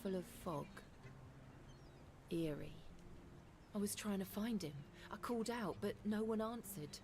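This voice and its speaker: A woman voicing a weary woman traveler in a video game, speaking quietly and reflectively. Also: mid-range voice, unhurried, a little hiss or hum, close to an everyday voice. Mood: dreamy. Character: weary young woman traveler recalling a dream. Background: game music.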